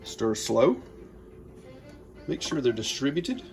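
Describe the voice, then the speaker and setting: Guy cooking in his kitchen, friendly and chatty, mid pitch, little bit of music under it. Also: big pitch swings, takes it slowly, gravelly. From Louisiana. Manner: chatty, folksy, upbeat. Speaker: cooking channel host. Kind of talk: casual cooking demo. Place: home kitchen.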